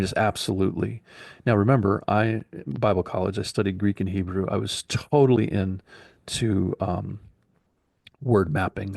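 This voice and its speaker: A man's voice: on the low side, creaky, darkish tone, husky, no echo, clean studio sound. A man in his forties telling a long personal story in a casual, rambling way, acting out the dialogue he quotes.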